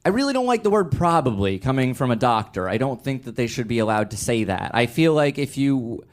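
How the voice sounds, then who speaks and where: A man's voice: medium pitch, sing-song, quick pace. A young man telling a personal story on stage, wry and rambling, full of restarts and fillers. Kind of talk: live storytelling.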